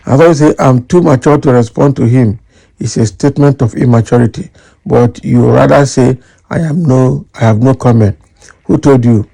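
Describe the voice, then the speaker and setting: A Nigerian man reading out political news and then giving lively commentary, slipping into Nigerian Pidgin. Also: medium pitch, moderate pace, vocal fry. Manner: animated, mixes in Nigerian Pidgin.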